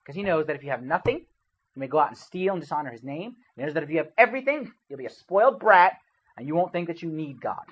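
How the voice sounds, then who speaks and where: Husky male youth preacher, chatty sermon style, quizzes his listeners, dull lo-fi recording. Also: fairly high pitch, expressive, fast talker. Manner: conversational, quizzes the audience, keeps saying "okay?". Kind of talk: sermon to young people.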